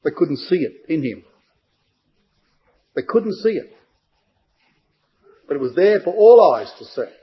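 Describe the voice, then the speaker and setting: A man's voice: on the high side, very animated, measured pace, pauses often, mellow, slightly rough, rough recording. A man giving a verse-by-verse Bible study to a congregation, emphatic and full of rhetorical questions.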